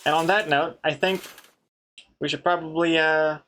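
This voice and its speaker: A man's voice: on the high side, steady tone, moderate pace, sharp tone. A man chatting casually on a live stream, reading viewer messages aloud and joking with the chat. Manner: chatty, reads chat aloud, laughs at jokes. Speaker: comic artist streamer.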